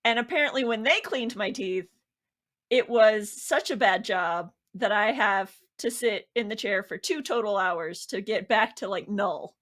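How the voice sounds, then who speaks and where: A woman's voice: mid-range voice, unhurried, fairly bright tone. A woman co-hosting a book podcast in casual, candid chat. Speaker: podcast co-host.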